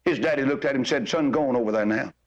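A man's voice: mid-range voice, rapid-fire, dull audio. An older man preaching a sermon, folksy and exhorting, full of homespun stories.

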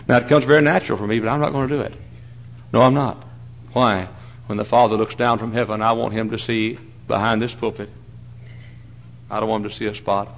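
A man preaching a sermon from the pulpit of a large church. He hammers the congregation with repeated questions and swings from hushed asides to loud preaching. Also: lowish voice, fairly even intonation, brisk, pauses often. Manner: emphatic, presses the crowd with repeated questions. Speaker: pastor.

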